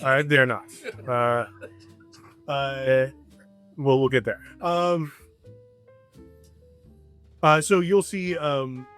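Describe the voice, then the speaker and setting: A man narrating as game master in a halting, filler-heavy way. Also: medium pitch, fairly even intonation, fairly bright tone, clean tone, faint music behind.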